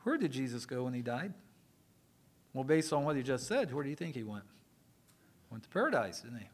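A male preacher giving a sermon, swinging from loud emphatic lines to quiet asides and joking with the congregation. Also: medium pitch, big pitch swings, a little fast, slightly rough.

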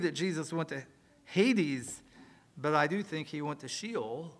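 A male preacher giving a sermon, swinging from loud emphatic lines to quiet asides and joking with the congregation. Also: on the high side, lively intonation, normal speed.

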